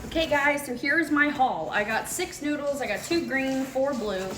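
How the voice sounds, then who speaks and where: A woman's voice: high-pitched, normal speed. A young woman from Georgia in the US who has no Southern accent, chatting casually and rambling as she vlogs her day, often correcting herself. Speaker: vlogger. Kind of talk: casual vlog chat. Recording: loud traffic and road noise behind.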